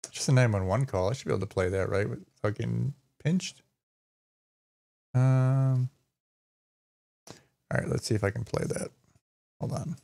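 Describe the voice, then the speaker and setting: A man's voice: medium pitch, normal speed, gravelly, long pauses, mellow. A man hosting a live stream, casually reading a news story aloud, rambling and stumbling over names, sometimes swearing. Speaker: streamer host.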